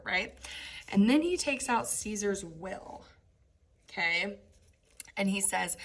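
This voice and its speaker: A woman's voice: medium pitch, lively intonation, slow pace, pauses often, fairly bright tone. A woman teaching a lesson, chatting through a play and checking in with "right?" as she reads lines out with playful emphasis. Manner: conversational, frequent "right?" check-ins. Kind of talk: lecture walkthrough of a play.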